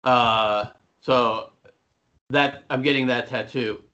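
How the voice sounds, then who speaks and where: A man's voice: medium pitch, fairly even intonation, takes it slowly, sharp tone, muffled recording. A middle-aged man co-hosting a podcast, telling rambling, profane stories in casual chat. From Buffalo, New York. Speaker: podcast co-host.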